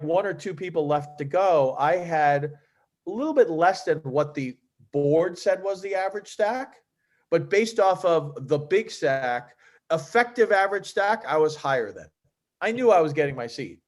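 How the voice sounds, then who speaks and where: A middle-aged man tells his stories with a lively, swooping voice that sits a little high. He slips into the voices of the people he talks about. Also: normal speed. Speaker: professional poker player guest. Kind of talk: animated podcast storytelling.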